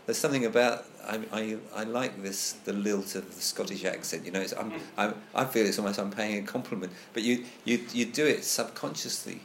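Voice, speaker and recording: A man with a lowish voice talks through ideas in a casual group discussion. He is thoughtful and hesitant, circling back and restarting sentences as he goes. A faint hiss sits under his voice. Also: a little fast, few pauses.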